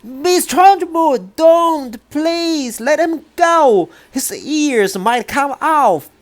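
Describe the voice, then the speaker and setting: A reader voicing a gentle young woman teacher who begs and pleads, in an audiobook reading. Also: mid-range voice, sing-song, slow pace, voice pushed up. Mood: pleading. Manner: pleading, begging.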